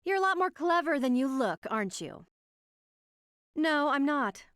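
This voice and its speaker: A woman voicing an arrogant, sharp-tongued female scientist who speaks in a condescending, sarcastic way. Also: high voice, very animated, measured pace, dry recording, clean studio sound, voice pushed up, exaggerated voice. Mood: smug.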